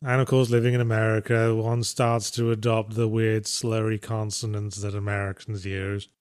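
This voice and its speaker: A middle-aged man from England with a mixed, softened English accent, chatting in a dry, teasing way as a podcast co-host. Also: on the low side, flat delivery, moderate pace, smooth, no room sound. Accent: mixed English, mellowed by years abroad. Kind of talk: casual chat.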